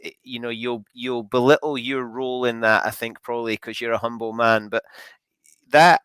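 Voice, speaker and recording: Bright, smooth-voiced male podcast host. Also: mid-range voice, fairly even intonation, normal speed, dry recording. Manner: hesitant, rambling questions with restarts. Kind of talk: interview questions.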